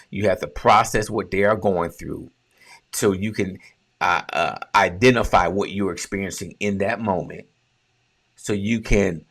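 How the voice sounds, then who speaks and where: A man with a low, deep voice delivers a relationship coaching talk. He speaks emphatically and conversationally, posing questions and answering them himself like a teacher. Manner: conversational, with colloquial phrasing.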